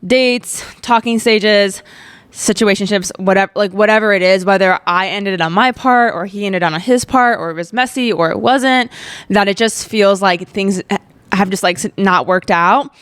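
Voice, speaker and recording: Young female podcast host in her twenties, candid, emotional testimony full of casual fillers, mid-pitched, dry close sound. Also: normal speed, a bit bright, clear, resonant tone, no room sound. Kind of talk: personal faith testimony, casual chat.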